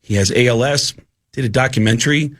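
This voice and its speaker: A comedian guest in a radio studio, telling stories in a lively way and acting out the voices of the people in them. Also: male voice, medium pitch, fast. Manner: storytelling, animated, acts out quoted voices. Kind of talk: casual radio studio chat.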